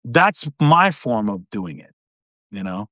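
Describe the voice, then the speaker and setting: A man's voice: lowish voice, sing-song, slow pace, bright, forceful tone, no echo, clean studio sound. A middle-aged man talking earnestly on a live video call, rambling and often adding "you know". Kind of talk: casual conversation on a live stream.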